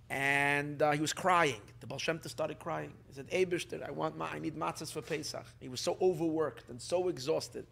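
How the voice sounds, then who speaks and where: A man, a rabbi, telling a Hasidic story at a community gathering, in a halting way with frequent restarts, fillers and Yiddish words. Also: fairly high pitch, gravelly, fairly bright tone. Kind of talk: storytelling talk. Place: community gathering, evening meal.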